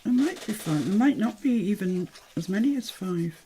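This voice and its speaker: A woman's voice: medium pitch, expressive, normal speed, warm tone, a little hiss or hum. An English woman hosting a live craft tutorial, chatting and thinking aloud as she works, with self-deprecating asides. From England.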